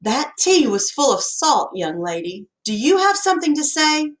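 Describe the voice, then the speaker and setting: Stern elderly town biddy, sharp and high, scolding, as a woman reader voices her. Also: very animated, moderate pace, echoey room.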